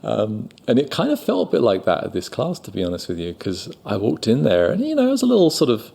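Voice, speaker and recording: A man's voice: mid-range voice, huge pitch swings, quick pace, vocal fry, warm tone. A middle-aged man with a London accent, a guest actor chatting in an interview, self-deprecating and full of fillers. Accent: London English. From England. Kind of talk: casual interview storytelling.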